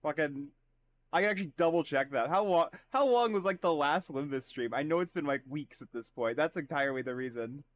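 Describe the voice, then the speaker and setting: A man streaming a video game, chatting casually and profanely with his viewers and joking at his own expense. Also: a little high. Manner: profane, self-mocking, quick asides to chat. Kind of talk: casual game livestream chat.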